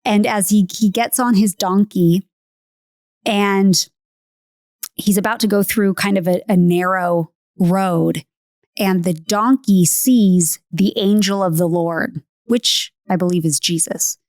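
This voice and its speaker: A woman's voice: medium pitch, fairly even intonation, takes it slowly, a little mellow, no echo, clean studio sound. A woman hosting a podcast, telling a story in a casual, earnest way. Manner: earnest, retells with acted quotes. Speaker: podcast host.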